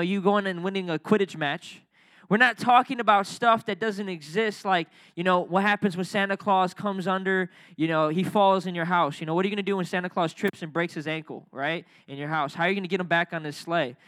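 High bright-voiced young male youth preacher. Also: a little fast, no room sound, studio quality. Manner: energetic, joking, talks with the crowd. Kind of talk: casual youth sermon.

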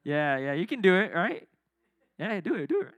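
A man's voice: high-pitched, moderate pace, narrow, tinny audio. A young man, a youth director, preaching a casual, joking youth sermon and drawing the crowd into call and response. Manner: energetic, joking, talks with the crowd.

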